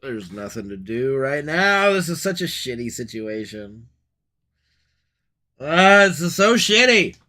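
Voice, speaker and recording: A man streaming a game, chatting casually with his chat, swearing freely and breaking into loud outbursts and laughter. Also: mid-range voice, big pitch swings, a little slow.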